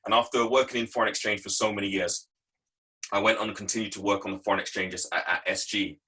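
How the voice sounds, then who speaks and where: A man's voice: lowish voice, fairly even intonation, quick pace, sharp tone, breathy edge, poor audio. A man giving a motivational talk, telling stories from his working life in an emphatic, repetitive way. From England. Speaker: guest speaker. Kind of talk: motivational talk on a video call.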